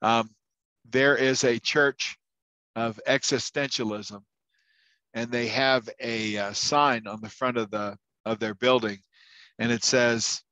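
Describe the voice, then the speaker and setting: A man's voice: medium pitch, fairly even intonation, takes it slowly, pushed and bright, no echo, lo-fi sound. A man teaching a university class, telling anecdotes in a casual, chatty way with many fillers and restarts. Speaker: university instructor. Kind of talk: casual lecture storytelling.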